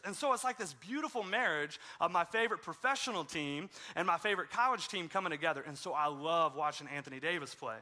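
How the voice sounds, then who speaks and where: A man's voice: high-pitched, pushed and bright. A man preaching a conversational sermon as a pastor, telling stories in a casual way with self-deprecating humor. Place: church sanctuary.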